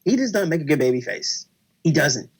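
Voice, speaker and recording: A man co-hosting a casual wrestling podcast, talking excitedly and acting out his own reactions as he recaps a show. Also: on the high side, brisk, slightly rough. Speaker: podcast co-host.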